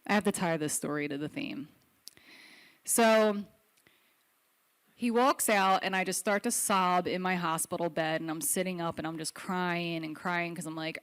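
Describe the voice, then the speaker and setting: A woman's voice: on the low side, steady tone, moderate pace, fairly bright tone. A young adult woman telling a personal story on stage at a live storytelling event, candid and wry, with self-deprecating humor.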